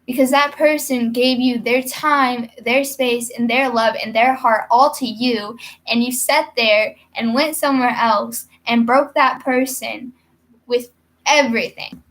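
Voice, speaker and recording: A woman's voice: on the high side, steady tone, measured pace, fairly bright tone. A young woman talking casually to camera in a rambling, hyper vlog monologue with giggly asides. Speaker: vlogger.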